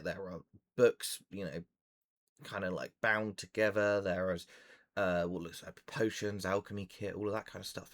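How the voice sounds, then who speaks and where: A man narrating as game master for a tabletop game, rambling with many fillers. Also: fairly low pitch.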